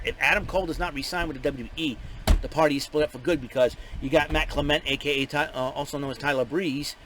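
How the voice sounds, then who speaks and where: A man giving a casual, rambling spoken recap, excitable and full of restarts and fillers. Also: a little high, a little hiss or hum, rough recording. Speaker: show recapper.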